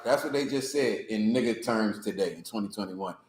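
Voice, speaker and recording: A man giving casual, animated commentary as instructor of a scripture class, laughing often and slipping into mock voices. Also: on the low side, a little fast, roomy sound, poor audio.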